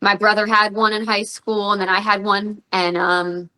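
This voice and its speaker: A woman in her thirties talks through her stories in a relaxed podcast interview. Her voice is bright and ringing, and she acts out what others said with lively bursts. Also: medium pitch, moderate pace, poor audio. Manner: animated storyteller, acts out quotes. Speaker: guest, professional wrestler and radio personality.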